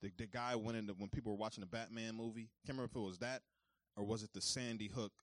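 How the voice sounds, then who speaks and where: A man preaching a sermon who moves between calm teaching and loud, high-pitched preaching, talking informally straight to his congregation. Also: fast talker, no echo, studio quality. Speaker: pastor.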